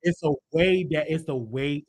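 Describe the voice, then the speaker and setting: A man's voice: a little high, moderate pace, darkish tone. A man hosting a live call-in show, talking casually and animatedly, often restarting and repeating his phrases. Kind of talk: casual live-stream chat with callers.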